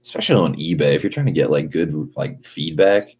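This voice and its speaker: A man with an extremely deep, husky voice rants on a casual livestream, rambling and swearing freely with plenty of "like." The audio is dull and lo-fi. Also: brisk, a little mellow. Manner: profane, rambling, lots of "like". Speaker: livestreamer reading chat.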